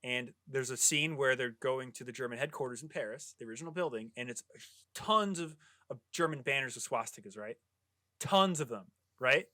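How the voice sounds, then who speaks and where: A man's voice: mid-range voice, normal speed, sharp tone, no room sound, studio quality. A man co-hosting a casual movie podcast, swearing freely and telling rambling anecdotes. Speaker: podcast co-host. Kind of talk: casual chat.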